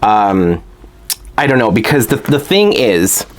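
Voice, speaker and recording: A man talking casually and excitably while unboxing a collector doll, full of fillers like "like" and "um". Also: fairly low pitch, a little slow. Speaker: toy collector reviewing a doll.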